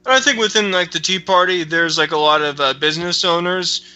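Man, interviewer, very bright tense tone, slightly high, halting questions, lo-fi audio. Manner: halting questions full of "like" fillers. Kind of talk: casual conversational interview. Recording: dull, lo-fi audio.

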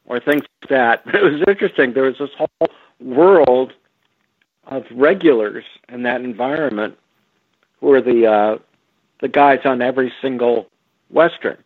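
A man talks slowly and haltingly, stopping often to restart his thoughts. His voice comes through a tinny phone connection with no room sound at all. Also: medium pitch, no echo. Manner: slow, halting, with frequent fillers and restarts. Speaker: guest. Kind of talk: relaxed storytelling over a phone line. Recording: tinny phone line, dry.

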